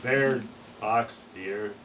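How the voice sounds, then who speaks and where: A man's voice: lowish voice, very slow, a bit bright, far from the mic, slight background noise, rough recording. A man giving a casual, enthusiastic talk on songbirds, sometimes imitating their calls. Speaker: birding presenter. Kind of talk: informal talk on birdsong.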